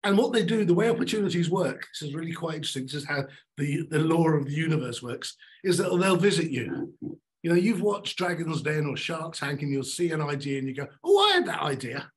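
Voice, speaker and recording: A middle-aged man giving a motivational talk on stage, emphatic and animated, repeating his key lines. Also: fairly high pitch, rough recording. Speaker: keynote speaker.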